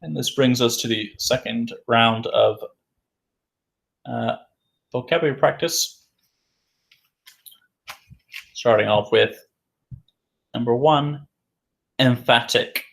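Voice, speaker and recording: A man teaching an English vocabulary lesson, saying each word slowly and repeating it several times for learners. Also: medium pitch, vocal fry, fairly bright tone.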